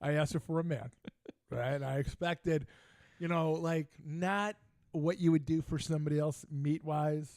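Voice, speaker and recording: A man's voice: fairly high pitch, fairly even intonation, a little slow, darkish tone, dry recording. An older man hosting a casual sports talk show, telling brash, joking stories with lots of animation. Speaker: podcast host. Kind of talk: casual storytelling chat.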